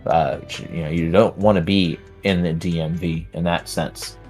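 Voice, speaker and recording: A man with a fairly low voice hosts a live stream and chats loosely with viewers, reading their comments and laughing between them. Faint music plays under his talk. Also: fairly even intonation, moderate pace, darkish tone. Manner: chatty, laughs often, reads names aloud. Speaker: livestream host.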